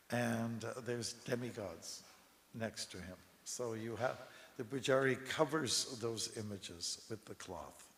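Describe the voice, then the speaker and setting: A man giving a scripture class in a temple hall, telling relaxed anecdotes with chuckles and asides to the audience. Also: medium pitch. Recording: long hall reverb with faint hiss.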